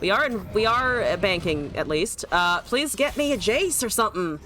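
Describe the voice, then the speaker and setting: A woman's voice: medium pitch, expressive, moderate pace. A young woman streaming a card game, chatting casually, talking to her opponent, laughing and swearing often. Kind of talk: live gameplay commentary.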